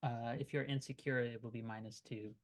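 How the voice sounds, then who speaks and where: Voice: mid-range voice, steady tone, a little fast. A game master narrating a tabletop role-playing game in a chatty, teasing way with many fillers.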